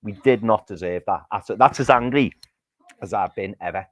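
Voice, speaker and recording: A low-voiced man vents his fury after a football match, hammering the same points over and over and swearing. His voice is close and dry, recorded on a home mic in his living room. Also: moderate pace, no room sound. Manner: furious, ranting, repeats himself for emphasis, swears. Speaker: football podcast co-host. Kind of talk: heated post-match fan chat on a livestream.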